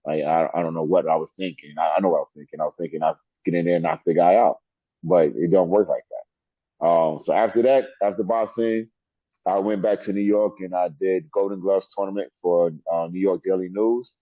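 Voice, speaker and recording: A middle-aged man, a wrestler guest in an interview, telling animated stories and laughing often. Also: low-pitched, fairly quick, no echo. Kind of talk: storytelling interview. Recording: dull lo-fi sound.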